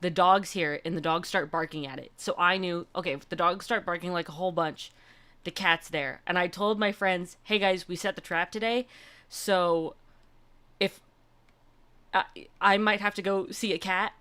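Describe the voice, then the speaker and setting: A woman's voice: fairly low pitch, fairly even intonation, moderate pace, bright, forceful tone, clear, resonant tone. A young woman hosting a livestream, chatting casually and gushing through a personal story with lots of fillers. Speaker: livestream host.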